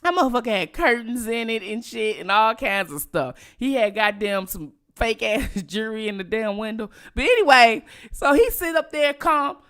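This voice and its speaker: Middle-aged woman, casual storytelling, profane, talks to viewers, lively pitch, fairly high voice. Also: normal speed, few pauses. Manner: profane, animated, addresses viewers directly. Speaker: vlogger. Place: at home.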